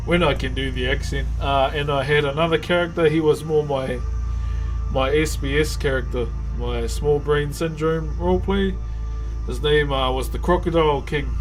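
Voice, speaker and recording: A man with a New Zealand accent chatting casually with viewers on a live stream, easygoing and calling everyone bro. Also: fairly high pitch. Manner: laid-back, calls viewers brother and bro.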